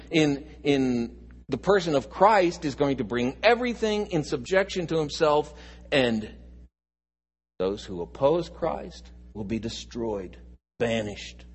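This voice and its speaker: A pastor with a slightly high, husky voice preaches a sermon, slowly repeating key phrases. He swings from loud, emphatic lines down to hushed lines that are nearly whispered.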